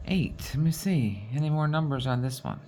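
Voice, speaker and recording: A woman's voice: sits low, lively intonation, normal speed, mellow, a little hiss or hum. A woman with a Newfoundland accent, chatting casually and rambling as she sorts her diamond painting supplies. She has a folksy manner and often ends sentences with "boy". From Newfoundland, Canada. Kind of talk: casual rambling chat while sorting craft supplies.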